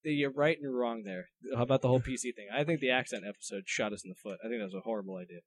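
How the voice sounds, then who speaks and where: A man's voice: medium pitch, racing. A man co-hosting a casual comedy podcast, reading out odd news stories and stumbling over his notes.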